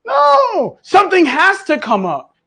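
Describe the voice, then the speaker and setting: A man hosting, coaching a live audience in an animated, profane, mocking way. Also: very high voice, moderate pace. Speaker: host.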